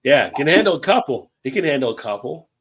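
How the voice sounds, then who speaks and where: A man's voice: mid-range voice, sing-song, fast talker, a bit bright, slightly rough, dull audio. A man hosting a casual livestream chat over beers, rambling and laid-back, swearing now and then. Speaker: livestream host.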